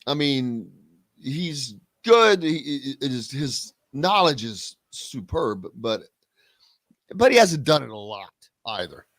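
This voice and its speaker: A man's voice: medium pitch, big pitch swings, slow, a bit bright, no echo. A man hosting a casual sports talk radio show, chatting and reading listener comments aloud.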